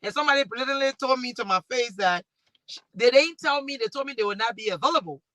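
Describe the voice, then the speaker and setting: A woman with a Liberian accent, speaking on a discussion panel and telling stories in a lively way with many restarts. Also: fairly high pitch, quick pace, no room sound, rough recording. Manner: animated storytelling with restarts. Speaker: talk show host and panelist.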